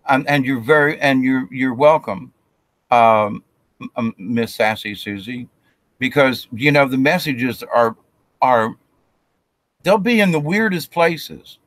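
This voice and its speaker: Man, spiritual talk, rambling, mid-pitched voice, dry close sound. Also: takes it slowly, a bit bright, dry recording. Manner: rambling, with restarts and acted quotes.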